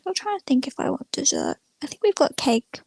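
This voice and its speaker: A woman's voice: sits high, wildly swooping pitch, brisk, creaky, a little mellow, no echo. A young woman chatting casually on a livestream, rambling and retelling stories with lots of "I'm like.". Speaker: streamer.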